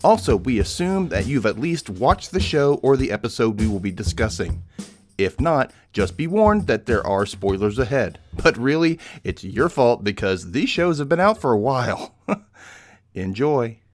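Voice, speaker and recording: A man hosting a podcast in a casual, animated chat, laughing and swearing freely. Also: medium pitch, normal speed, soft background music. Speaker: podcast host.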